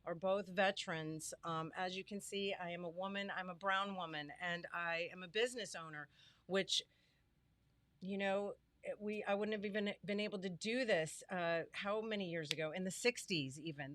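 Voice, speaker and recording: A woman's voice: fairly low pitch, fairly even intonation, moderate pace, a bit bright, no room sound. A middle-aged woman hosting a live stream from her home studio, greeting viewers by name in a chatty, heartfelt way. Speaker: livestream host and small business owner. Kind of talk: casual live stream chat.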